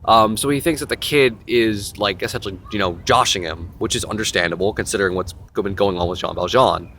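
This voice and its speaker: A young man hosting a casual vlog, retelling a novel in a rambling, animated way with lots of fillers and asides. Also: lowish voice, brisk, slight background noise. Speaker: host.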